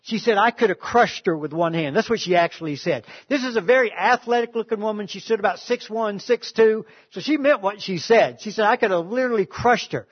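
A man preaching a sermon, telling a story with emphatic swings in loudness and pace. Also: high-pitched, a little fast, hardly any pauses, breathy edge. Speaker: pastor. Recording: dull lo-fi sound.

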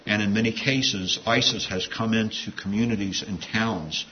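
A man's voice: on the low side, steady tone, normal speed. A man preaching a sermon in a conversational, digressive way, with asides. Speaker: pastor. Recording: dull lo-fi sound with faint hiss.

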